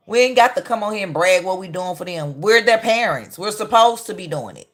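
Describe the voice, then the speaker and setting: A woman in her thirties hosts a casual livestream, speaking fairly quickly with few pauses in a medium-pitched, expressive voice. Her commentary is blunt, mocking, and heated.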